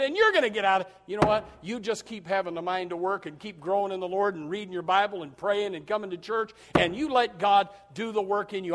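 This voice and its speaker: A pastor delivers a sermon, moving between loud, emphatic preaching and low, quiet asides. He often calls out "amen" and repeats words as he begins his sentences.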